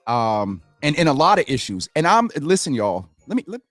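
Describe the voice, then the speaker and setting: A man's voice: on the high side, normal speed, dry recording, clean studio sound, soft background music. An earnest man hosting a casual community talk show, speaking straight to his viewers. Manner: earnest, animated, addresses viewers as y'all. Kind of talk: casual livestream commentary.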